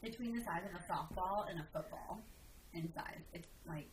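A woman's voice: on the low side, moderate pace. A woman hosting a casual podcast as a wedding professional, chatty as she wraps up the episode. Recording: distant mic with clear background noise.

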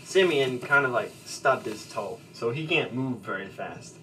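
A man narrating as game master of a tabletop role-playing game, relaxed and hesitant, with fillers and chuckles. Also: medium pitch, a little slow. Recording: distant mic with faint background noise.

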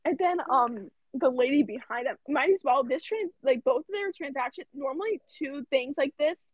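A teenage girl co-hosting a podcast, telling an animated work story and swearing freely. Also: high-pitched, moderate pace, dry recording, dull audio. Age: teens. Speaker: podcast co-host. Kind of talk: casual chat.

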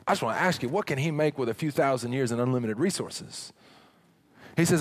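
Preaching with humor and a conversational manner, a middle-aged pastor delivers his sermon in a high voice, now and then sinking to a dramatic hush.

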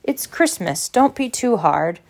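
A woman's voice: a little high, sing-song, unhurried, creaky, darkish tone, voice pushed up, heavily acted. A woman doing a jovial tipsy old professor. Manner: genial and hiccuping.

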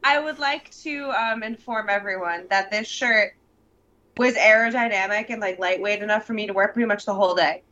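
A young woman co-hosting a casual podcast chat, telling rambling, animated stories full of "like.". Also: mid-range voice, a little fast, highs cut off, a little hiss or hum. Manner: rambling, animated storytelling with many "like"s. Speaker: podcast co-host.

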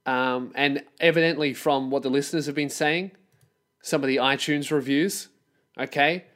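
A man's voice: mid-range voice, fairly even intonation, moderate pace, a bit bright. A man, hosting a solo podcast and ranting in a profane, exasperated, sarcastic way. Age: 20s. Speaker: podcast host.

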